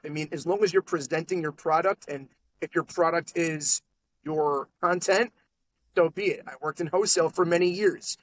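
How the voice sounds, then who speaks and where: A man, a podcast guest telling sales stories in a lively, animated way. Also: on the high side, low-quality recording. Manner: animated salesman storytelling, quick asides. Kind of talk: casual storytelling interview. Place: podcast studio.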